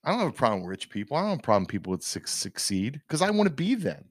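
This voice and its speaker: A man's voice: medium pitch, sing-song, racing, dry recording, clean studio sound. A man co-hosting a casual podcast, ranting emphatically with frequent restarts. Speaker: podcast co-host. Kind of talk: casual opinion chat.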